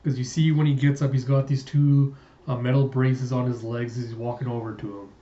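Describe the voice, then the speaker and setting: A man casually reading through a comic and chatting about it with relaxed asides. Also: medium pitch, brisk. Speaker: comic readthrough host. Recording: roomy, distant, dull lo-fi sound.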